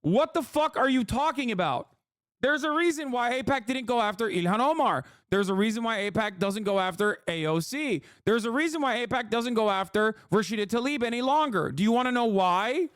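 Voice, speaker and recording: A man's voice: very high voice, animated, brisk, a bit bright, clear, resonant tone, dry recording, studio quality. A political streamer, a man, delivering heated, profane live-stream commentary.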